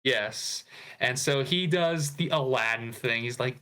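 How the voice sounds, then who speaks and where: A man's voice: mid-range voice, measured pace, pushed and bright, clean tone. A man co-hosting a podcast in casual chat, retelling a script with fillers and asides. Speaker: podcast co-host.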